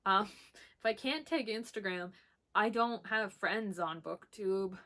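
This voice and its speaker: A woman's voice: medium pitch, slow, bright, forceful tone. A young woman talks casually about books, rambling and filling her sentences with likes and ums. Her delivery is bubbly and enthusiastic, with a middle-range voice that sounds like she is chatting from home. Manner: chatty and rambling, with many "like" and "um" fillers. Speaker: book vlogger. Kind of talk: casual chat, answering a book tag.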